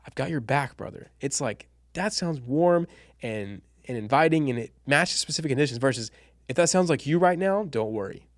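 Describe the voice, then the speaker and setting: A man's voice: a little high, a little mellow, dry recording, clean studio sound. A young man teaching a casual online copywriting lesson, chatty and slangy, calling listeners bro and dude and laughing at his own examples.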